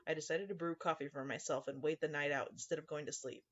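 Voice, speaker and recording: A man's voice: fairly high pitch, steady tone, fast talker, muffled recording. A man narrating a scripted first-person horror story in a dry, sarcastic tone.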